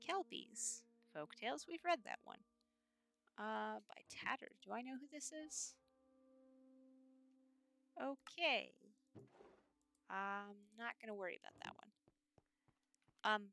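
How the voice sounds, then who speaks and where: A woman's voice: fairly high pitch, expressive, slow pace, vocal fry, pauses often, bright, forceful tone. A woman streamer chatting in character during a game, scattered and rambling as she talks to her chat. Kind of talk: in-character roleplay chat while gaming. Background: faint background music.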